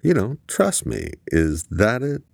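A man's voice: on the low side, big pitch swings, slow pace, creaky, slightly rough, dry recording, voice pushed up, exaggerated voice. A man puts on a foul-mouthed young woman, her voice lifted far above his own and swinging widely. She curses and snaps back hard. The sound is close and dry. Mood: irritated. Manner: shouting, cursing.

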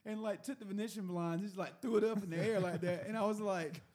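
A man with a fairly high voice tells a story in a loose, chatty way, laughing often and tripping over repeated words. He is seated at a table, talking with friends on a show. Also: fast, a little mellow. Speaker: podcast host telling a story. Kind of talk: casual storytelling chat. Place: room at a table.

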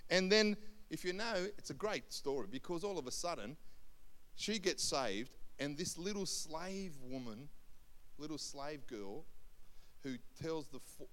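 A man's voice: fairly high pitch, moderate pace. A man, a senior pastor telling a Bible story in a sermon, acting out the voices of people in it. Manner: animated storyteller, acts out voices in quotes. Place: church hall. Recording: long hall reverb.

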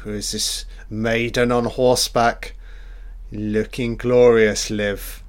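Excitable man reacting to a film. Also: mid-range voice, slow. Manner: excitable, heavy swearing, reacts aloud to the screen. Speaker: film commentator. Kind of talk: casual film commentary.

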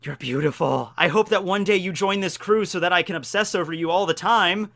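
A man voicing a lovestruck young male cook, speaking softly and dreamily. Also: high-pitched, fairly quick, creaky. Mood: smitten.

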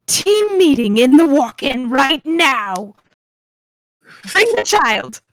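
A woman voicing a stern, bossy old woman who runs a hotel, speaking in a brisk, scolding way. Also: high-pitched, lively intonation, no echo, voice pushed up. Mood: commanding.

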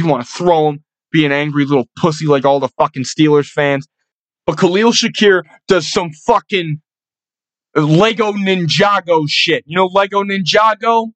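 Young guy sports podcast, swears nonstop, gets loud when hyped, dry close mic. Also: on the high side, no room sound, rough recording. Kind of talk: profane, excitable fan rant.

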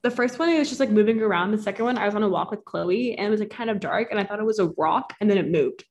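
A woman's voice: medium pitch, racing. A young woman, a college student, chatting casually on a video call and filling her talk with "like" and giggles. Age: young adult. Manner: chatty, many "like" fillers, giggly. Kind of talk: casual catch-up chat.

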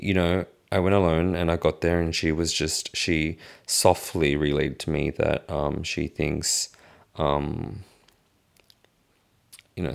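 A man's voice: sits low, gravelly. A young man frankly telling a personal story to camera, casual and swearing freely, often restarting his sentences. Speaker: vlogger.

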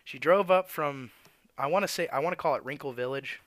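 A man's voice: on the high side, a little fast, a bit bright, no room sound. A man who works at a tire shop, ranting bluntly and cursing about rude customers. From Florida. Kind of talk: profane venting rant.

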